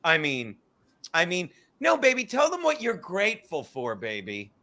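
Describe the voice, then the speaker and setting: A man, a comedian hosting a podcast, talking in crude, animated, profane banter. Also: high-pitched, moderate pace. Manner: crude, animated, swearing often. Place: car.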